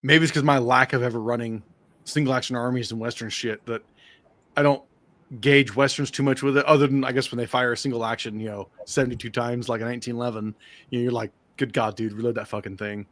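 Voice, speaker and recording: An American man hosting a podcast in casual chat, animated and swearing freely as he talks. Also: mid-range voice, no room sound. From United States. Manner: fast, animated, swears a lot, excitable. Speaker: podcast host.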